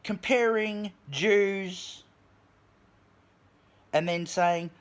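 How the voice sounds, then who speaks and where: A man's voice: high-pitched, extremely slow. An Australian man delivering an angry, profane rant to his camera in a vlog. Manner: profane, heated, shouts at times. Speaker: vlogger. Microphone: camera mic.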